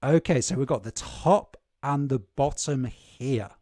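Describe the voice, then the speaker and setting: A man's voice: medium pitch, unhurried, mellow, dry recording, clean studio sound. A man teaching a live spreadsheet course over a screen share, talking casually with many fillers and repeated words.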